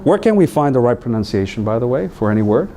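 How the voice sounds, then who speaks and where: A man training new teachers, telling stories in an animated way and acting out voices. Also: medium pitch, fast, slight background noise. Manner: animated storytelling, acts out voices.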